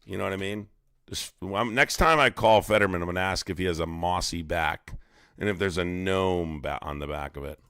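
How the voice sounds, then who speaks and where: A man's voice: low-pitched, fairly quick, sharp tone, clear, resonant tone, no room sound, studio quality. A man hosting a livestream, ranting in a profane, mocking, rambling way. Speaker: live streamer host. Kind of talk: casual ranting livestream commentary.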